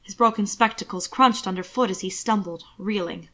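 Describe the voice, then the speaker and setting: A woman's voice: mid-range voice, moderate pace, pushed and bright. Woman reading fan fiction aloud. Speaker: narrator.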